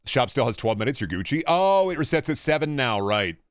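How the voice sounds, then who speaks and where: A man's voice: mid-range voice, big pitch swings, a little fast, smooth, no echo, studio quality. A young man streaming a video game, rambling and swearing casually as he plays and chats with viewers. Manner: rambling, profane, chatting with viewers while playing. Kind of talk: casual gameplay commentary.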